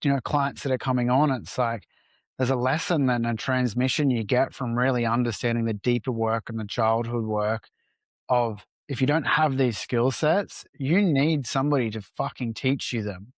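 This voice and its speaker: A man's voice: medium pitch, steady tone, normal speed, no room sound. Man, entrepreneur guest on a podcast, mid-range voice, candid storyteller who swears casually, dry close recording.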